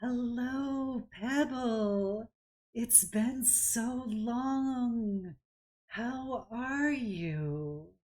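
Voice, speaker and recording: A woman voicing a gentle, plant-like female high druid with a super calm, soothing voice in a tabletop game. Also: slow pace. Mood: serene, soothing.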